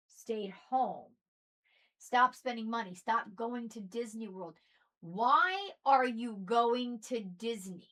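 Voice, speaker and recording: A high-pitched woman with a mixed Southern and Northern American accent delivers a preachy rant to camera. Her volume lurches from near-shouted outbursts to quiet, dropped asides. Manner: ranting, preachy, swings between loud and soft. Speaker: spiritual video host. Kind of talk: impassioned monologue.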